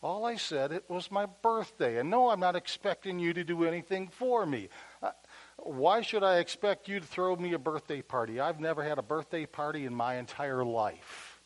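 A timid middle-aged woman, lonely and unsure, haltingly asking for small kindnesses, as a male preacher puts her on. Her words come soft and broken by restarts, pitched somewhat high for a man's voice. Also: expressive, lightly acted, poor audio. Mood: hurt.

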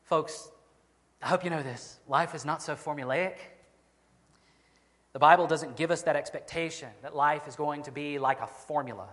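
A man preaching a sermon as pastor, earnest, slowing down to stress key phrases. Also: a little high, fairly bright tone, in a large hall.

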